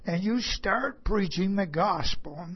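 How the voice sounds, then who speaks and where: A preacher unhurriedly tells a story from the pulpit, leaning on repeated phrases for emphasis. The voice has a husky, breathy edge. It comes through a dull, lo-fi recording. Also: medium pitch, animated, slow. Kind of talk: sermon told as a personal story.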